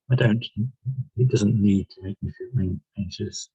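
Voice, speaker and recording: A man's voice: on the low side, normal speed, mellow, breathy edge, dry recording, dull audio. A man leading a self-help workshop, talking through guided reflection with many questions and restarts. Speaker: workshop leader.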